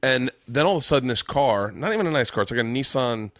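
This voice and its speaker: A man hosts a loose podcast chat, excitable and swearing freely as he cuts in on his guest. His voice is of ordinary pitch. The room sound is dry and close. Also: fast talker, no room sound. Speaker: podcast host. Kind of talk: casual chat.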